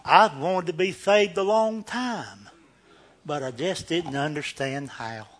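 A man voicing an elderly, hard-of-hearing woman who speaks softly in plain country talk. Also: deep voice, takes it slowly. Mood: tearful. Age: older.

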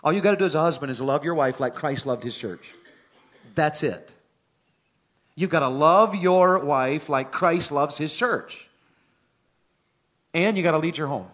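Folksy, higher-voiced man preaching. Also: a bit bright. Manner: folksy, humorous, rising to emphatic climaxes. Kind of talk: sermon.

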